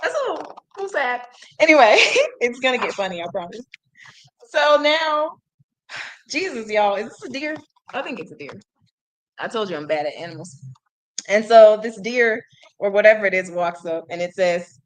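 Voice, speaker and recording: A woman's voice: medium pitch, lively intonation, moderate pace. Chatty young woman streaming a reading lesson. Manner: chatty, laughs often, says "y'all". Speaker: language-learning streamer. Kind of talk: casual livestream reading lesson.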